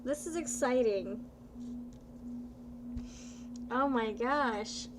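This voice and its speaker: A woman chats with her viewers while reading tarot on a live stream, excitable and playful, stretching her words out. Her voice sits high and she takes her time. A clear bed of background noise runs under her voice. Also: extremely slow. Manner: bubbly, playful, excitable, often laughing and drawing words out.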